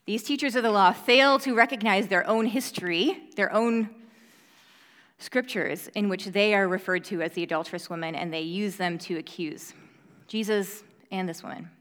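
Young female Bible teacher, mid-pitched, earnest and conversational, recorded in a long-echo hall. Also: moderate pace, a bit bright. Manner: earnest, conversational, many fillers. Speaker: preacher. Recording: reverberant hall.

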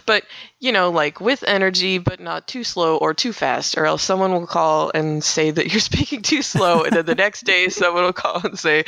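Giggly chatty woman with a gravelly edge. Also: lowish voice, normal speed, fairly bright tone, no room sound. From northern Minnesota. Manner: giggly, chatty, acts out radio voices. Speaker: radio DJ and podcast guest. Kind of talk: casual interview chat.

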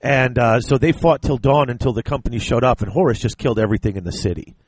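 A man in casual discussion, excitedly retelling book scenes with quoted lines and laughter. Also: mid-range voice, fast talker, slightly rough, no room sound.

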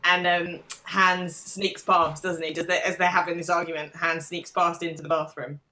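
A woman's voice: fairly low pitch, level tone, moderate pace, sharp tone. A British woman on a podcast as a guest, chatting casually and laughing easily. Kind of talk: casual chat.

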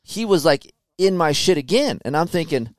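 Animated, profane man telling a story. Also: a little high, normal speed, no echo, studio quality. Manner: animated, profane, acts out quotes loudly. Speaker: guest, motocross racer. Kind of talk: casual podcast storytelling.

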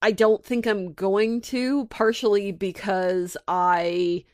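A woman's voice: medium pitch, fairly even intonation, takes it slowly, darkish tone, no echo, clean studio sound. Woman co-host, chatty and hesitant. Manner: hesitant, restarts often, laughs lightly. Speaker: podcast co-host. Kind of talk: casual podcast chat.

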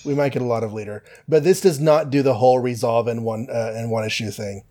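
A man's voice: mid-range voice, fast, mellow. A man with an ordinary mid-range voice talks through a comic story in a loose, playful way. He tosses in filler and little quoted asides as he goes. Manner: playful, summarizes plots with goofy quoted voices. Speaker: podcast co-host. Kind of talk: casual chat recapping comics.

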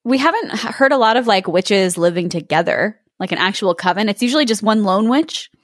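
A woman's voice: medium pitch, animated, a little fast, no echo, clean studio sound. Laughing, agreeable woman co-host. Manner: chatty, agreeable, laughs often. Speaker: podcast co-host. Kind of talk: casual chat.

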